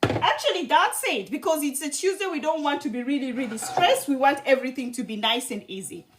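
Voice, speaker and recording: Cooking-stream host: woman, high voice, chatty and affectionate with viewers, faint background hiss. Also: expressive, brisk, a bit bright. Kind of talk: live cooking demo with viewer chat.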